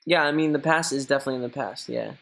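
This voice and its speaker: Talking very fast in a creaky, slightly bright voice, a young man rambles through viewer messages on his live stream, swearing often as he replies. He quotes others in a mocking, high, gushing tone.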